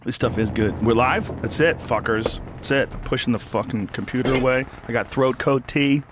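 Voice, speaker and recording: A middle-pitched man hosting a casual interview, tossing in brisk, jokey remarks. He sounds slightly off-mic, with clear background noise underneath. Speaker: podcast interviewer. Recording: noisy background, a bit off-mic.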